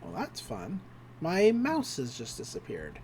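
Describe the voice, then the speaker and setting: A woman's voice: deep voice, a little slow, slight background noise. Podcast lady retelling a cartoon ep, voice bouncing all over, laughs and does the lines. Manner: animated retelling with acted-out quotes and laughs. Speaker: podcast co-host. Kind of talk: casual episode recap chat.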